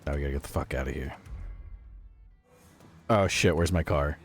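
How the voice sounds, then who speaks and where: A man's voice: a bass voice, moderate pace, soft background music. A male streamer chatting casually while playing a game, laughing often and swearing freely. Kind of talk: casual gaming commentary.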